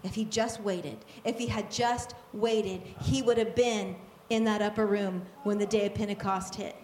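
A woman preacher giving an animated, conversational sermon, with quick asides and repetition for emphasis. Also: mid-range voice, roomy sound, slight background noise.

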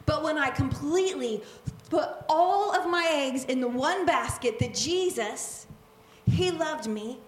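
A woman preacher giving an animated, conversational sermon, with quick asides and repetition for emphasis. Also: sits high, reverberant.

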